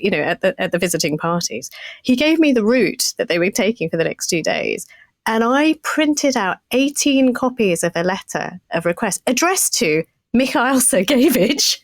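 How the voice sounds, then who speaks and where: Lively, laughing woman storyteller. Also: mid-range voice, no room sound. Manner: animated, self-mocking, laughs often. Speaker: podcast co-host. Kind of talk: casual storytelling chat.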